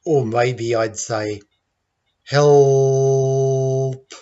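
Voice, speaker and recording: A man with an Australian accent teaching English pronunciation in a patient, deliberate way and demonstrating the sounds he explains. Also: medium pitch, expressive, slightly rough, dull audio, soft background music. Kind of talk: slow, deliberate teaching lesson.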